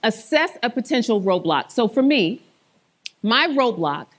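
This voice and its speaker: A woman giving a motivational conference presentation on stage, with emphatic, animated inflection. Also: fairly high pitch, a little slow. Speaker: conference speaker.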